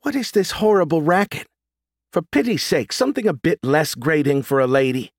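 A man's voice: on the high side, sing-song, normal speed, no room sound, clean studio sound, voice pushed up. A man voicing a prim, proper elderly lady who speaks in a fussy, genteel way and scolds.

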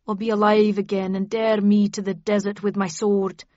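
A woman's voice: medium pitch, little pitch movement, moderate pace, a little mellow, no room sound, muffled recording, lightly acted. A woman voicing a furious male king who rants in Shakespearean verse. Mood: defiant. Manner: declamatory Shakespearean ranting. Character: furious haunted male king facing a ghost.

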